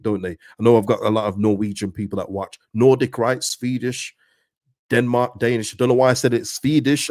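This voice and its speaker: A middle-aged man hosting a casual livestream, chatting to viewers in a lively way and often calling them "people". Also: on the low side, dry recording, studio quality. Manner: chatty, animated, repeats words and addresses viewers as "people". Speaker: host of a fan livestream reading chat.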